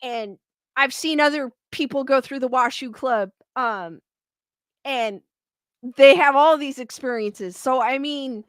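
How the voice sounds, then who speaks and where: A paranormal YouTube host talks to her livestream audience in a high-pitched, clean-toned voice at a slow pace, with no echo. She reads viewer comments and rambles candidly, venting frustration in casual chat.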